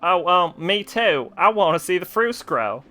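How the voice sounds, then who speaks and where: Man doing a fake Southern villager voice: bright, crisp, goofy drawl. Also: sits high, sing-song, measured pace, soft background music, exaggerated voice. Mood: hammy drawl. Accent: exaggerated fake Southern US drawl. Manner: hammy read-aloud of game dialogue. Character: game villagers, rustic grateful folk.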